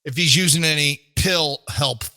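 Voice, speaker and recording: Brief: middle-aged male morning radio host, bright and a bit high, wisecracking, full of "uh"s. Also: moderate pace, faint music behind. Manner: wisecracking, rambling with many fillers. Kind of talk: joking studio banter. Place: radio studio. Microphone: studio mic.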